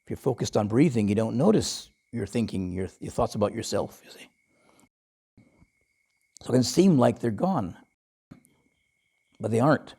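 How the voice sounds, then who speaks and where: Man, Buddhist monk, dharma talk, mellow voice, chuckling storyteller, easygoing. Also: mid-range voice, normal speed, vocal fry, long pauses, breathy edge. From Western, lived in Thailand as a layman. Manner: relaxed storytelling, chuckles often, many fillers.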